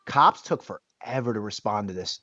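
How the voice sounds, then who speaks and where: Man, podcast guest, lively storyteller, dull lo-fi recording, dry sound. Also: lowish voice, moderate pace, no room sound. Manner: lively storyteller acting out what others said. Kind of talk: casual storytelling in an interview.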